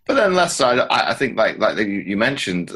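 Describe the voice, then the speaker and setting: A man hosting a podcast interview, talking in a halting way with many restarts and repeated words. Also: on the low side, big pitch swings, a bit bright, husky. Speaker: podcast host. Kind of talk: conversational interview.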